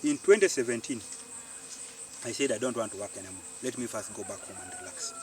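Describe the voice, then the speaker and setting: A man's voice: medium pitch, fast talker, background noise. Ugandan guy telling his story, kinda far from the mic, faint bugs buzzing outside. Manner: animated storyteller, repeats phrases for emphasis. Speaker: farmer and community organiser. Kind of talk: storytelling interview. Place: outdoors on a farm. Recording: distant mic outdoors, faint insects.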